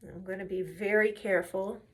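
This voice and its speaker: Brisk and a bit bright, her medium-pitched voice holds a steady tone. As a makeup and faith vlogger, she tells stories and goes off on tangents while casually explaining each step of her makeup.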